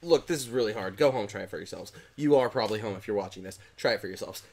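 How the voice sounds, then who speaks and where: A young man tells a rambling, self-interrupting story during a game session with a friend, often stopping mid-sentence as he co-hosts. His voice is on the low side, and he talks fast with few pauses.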